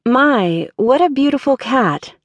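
A woman's voice: mid-range voice, normal speed, no echo, close to an everyday voice. Woman voicing a cool, polite young heroine. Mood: forced cheer. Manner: politely cool, with forced cheer.

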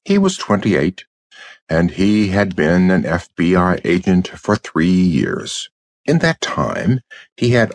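A man narrating an audiobook in a measured, expressive storytelling manner. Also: sits low, no room sound. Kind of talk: scripted narration.

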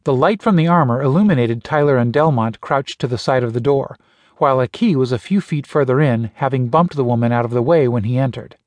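A man narrating a science-fiction audiobook in a steady, even storytelling voice. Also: medium pitch, fairly quick, no room sound. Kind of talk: scripted narration.

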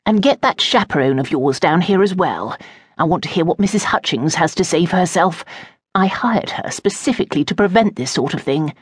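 A woman's voice: on the low side, animated, a little fast, slightly rough, no echo, studio quality. A woman narrating an audiobook, voicing an irritable, prudish aristocratic father who talks in an exasperated, imperious way. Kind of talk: audiobook character voice.

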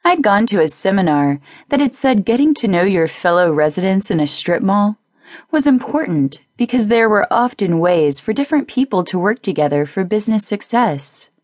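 A woman narrating a first-person audiobook in a lively, playful way on a close studio mic. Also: medium pitch, normal speed, no room sound.

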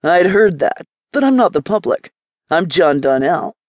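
A woman narrator voicing a confident, amused male design executive in an audiobook, speaking in a smooth, self-assured way. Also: fairly high pitch, big pitch swings, unhurried, no room sound, highs cut off. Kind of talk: audiobook character voice.

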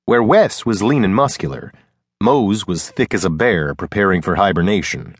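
Brief: low-pitched male narrator, measured Western storytelling, dry close studio sound. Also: expressive, dry recording. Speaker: audiobook narrator. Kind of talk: scripted narration.

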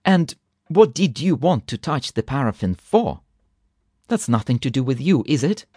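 A man voicing a stingy, scolding housekeeper woman who rails angrily and talks fast. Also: mid-range voice, big pitch swings, a little mellow, breathy edge, dry recording, clean studio sound. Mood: furious scolding. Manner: angry, rapid, railing.

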